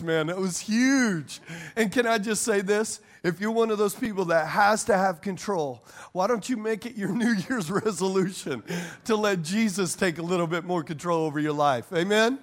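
A male pastor preaching a sermon to a congregation, telling animated, joking stories and laughing often. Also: sits high, moderate pace. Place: church service before a congregation.

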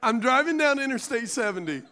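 A man's voice: extremely high pitch, brisk. A man preaching a sermon as pastor, calling out questions to the congregation and laughing at his own stories. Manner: animated preaching with call-and-response questions to the congregation.

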